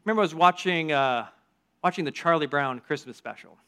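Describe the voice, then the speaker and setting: A man delivers an energetic sermon to a church group. His voice sits a little high, and he moves between earnest appeals and casual storytelling asides, pushing hard on key words. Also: brisk, clean tone.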